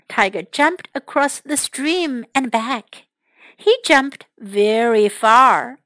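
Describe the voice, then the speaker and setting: A woman reading a children's story aloud for English learners, slow, clear and expressive. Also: fairly high pitch, no room sound.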